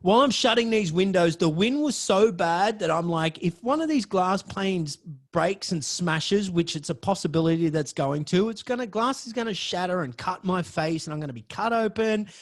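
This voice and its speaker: A young man, hosting a podcast and telling a story in a profane, excitable way. His voice swings from low mutters to loud outbursts. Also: normal speed, hardly any pauses. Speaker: podcast host. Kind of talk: storytelling monologue.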